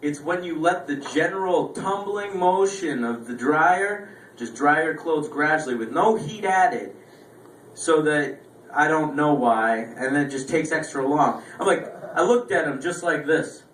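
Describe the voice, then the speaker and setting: A man's voice: on the high side, measured pace, a bit bright, slight background noise. A young man doing stand-up comedy, telling rambling, profane stories about his week. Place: small lounge stage. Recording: echoey room, voice from far. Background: faint room ambience, audience laughter.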